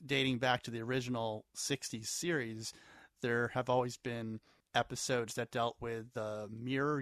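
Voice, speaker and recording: Man, podcast co-host, mid-pitched voice, dry sound, easygoing, agreeable recap chat. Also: a bit bright, dry recording. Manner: easygoing and agreeable, builds on his co-host's points.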